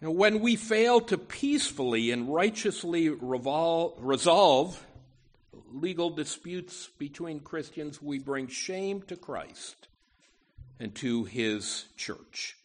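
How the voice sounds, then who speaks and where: A man delivers a sermon at an unhurried pace, his voice sitting a little high for a man. He leans hard on key words and scatters "you know" asides between points. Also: animated. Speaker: preacher.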